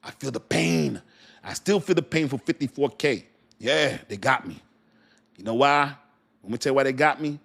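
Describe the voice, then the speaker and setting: A man's voice: mid-range voice, moderate pace, gravelly, a bit bright. Rambling man hosting a crypto livestream. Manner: rambling, slangy, fillers, talks straight to chat. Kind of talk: casual livestream chat.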